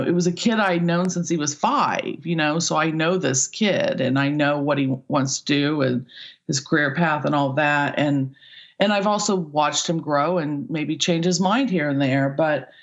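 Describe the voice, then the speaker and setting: A woman's voice: deep voice, lo-fi sound. A woman talent agent in a casual podcast interview, chatty and rambling as she tells stories about her work.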